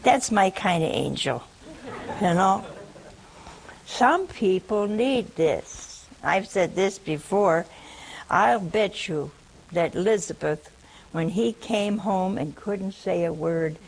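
A woman's voice: mid-range voice, lively intonation, takes it slowly, vocal fry, poor audio. A woman preaching a humorous teaching sermon, teasing and chatty as she talks straight to her listeners.

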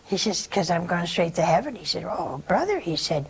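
An older nun hosts a call-in show, talking to her listeners in a storytelling way. Her voice is slightly husky, and she acts out each person in her anecdotes. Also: fairly low pitch, moderate pace, rough recording. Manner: storytelling with lively acted-out dialogue. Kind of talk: religious call-in show talk.

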